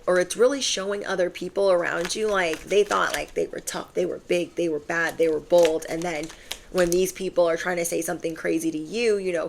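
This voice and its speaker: Young woman doing a tarot reading, low gravelly voice, slangy and emphatic. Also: a little hiss or hum. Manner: casual and emphatic, heavy on slang and fillers. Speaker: tarot reader. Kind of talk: channeled tarot reading to viewers.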